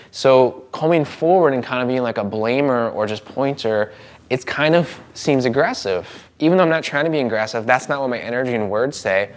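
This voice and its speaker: A man teaching a live seminar as a trainer, energetic and demonstrative, speaking to a room of people with quick asides. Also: medium pitch. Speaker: NLP trainer.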